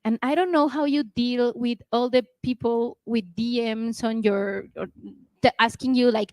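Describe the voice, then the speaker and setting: A woman interviewer asks earnest questions, pausing often to find the right words. Her voice sits a little high, and the sound is dry and close to the mic. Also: fairly even intonation, darkish tone, no echo, poor audio. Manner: earnest, searching for words, non-native phrasing.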